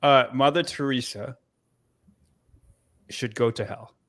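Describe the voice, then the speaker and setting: A man speaking as a podcast guest in an earnest, deliberate way during a casual discussion. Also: medium pitch, fairly bright tone.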